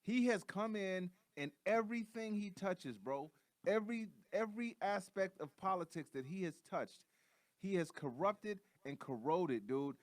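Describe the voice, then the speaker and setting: A man co-hosting a comedy podcast rants in a heated, profane way. His voice sits slightly high and sounds close and dry. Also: a little slow, no room sound. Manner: heated, profane, animated ranting. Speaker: podcast co-host. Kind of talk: casual comedic chat.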